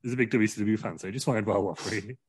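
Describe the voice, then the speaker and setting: A man's voice: on the low side, fast talker, breathy edge, no room sound. A man telling a rambling comic wrestling story, laughing through his own jokes. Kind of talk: comedic storytelling.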